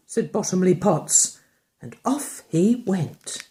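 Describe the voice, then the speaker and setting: A woman reading a picture book aloud to a young child. She stops to ask about the pictures, moving between bright exclamations and soft murmured asides. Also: medium pitch, very animated, slow. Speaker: reader to a child.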